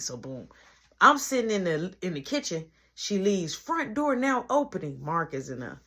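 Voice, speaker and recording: Male comedic storyteller; husky, lively pitch. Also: moderate pace. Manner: animated, acts out every voice.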